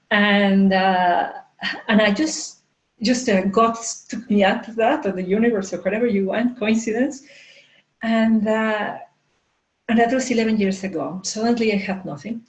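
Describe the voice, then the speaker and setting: A woman in her forties, a coach and entrepreneur, telling a candid personal story at a live talk, halting with many fillers and restarts. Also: mid-range voice, reverberant, highs cut off. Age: 40s.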